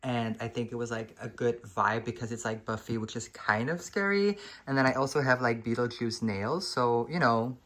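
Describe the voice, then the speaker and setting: A woman's voice: a bass voice, normal speed, few pauses, a bit bright. A young woman in her twenties chatting casually to the camera in a vlog, self-deprecating and full of filler likes. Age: 20s. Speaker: vlogger.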